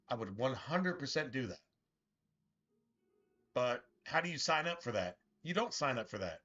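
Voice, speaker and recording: Ranting over his gameplay, this streamer swears a lot, sounds bitter, and stumbles through repeated restarts. His medium-pitched voice is expressive and sharp, at normal speed with frequent pauses, in a muffled recording with soft background music.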